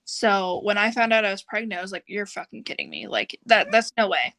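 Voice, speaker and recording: A woman's voice: medium pitch, brisk, fairly bright tone, dry recording. A young woman guest on a podcast, speaking candidly and bluntly in casual chat.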